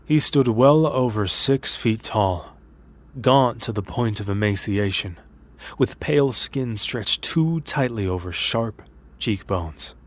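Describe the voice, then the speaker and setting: Low-voiced male horror story narrator. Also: expressive, slow.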